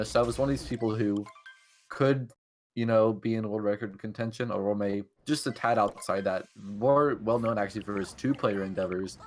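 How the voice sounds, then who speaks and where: A man commentating a video game speedrun race in a casual, chatty way, thinking aloud as he goes. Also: lowish voice.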